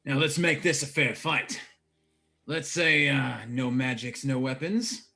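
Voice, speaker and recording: A man's voice: mid-range voice, takes it slowly, bright, forceful tone, faint music behind, pitched above the performer's own voice. A man voicing a brash male tavern brawler in a tabletop game, with a swaggering, drawling, impatient manner. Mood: goading.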